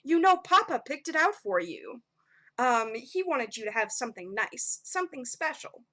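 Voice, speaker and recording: A woman's voice: sits high, big pitch swings, moderate pace, pushed and bright, exaggerated voice. A woman doing a gushing, doting god dad. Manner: gushing, affectionate. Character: doting cheerful male god father.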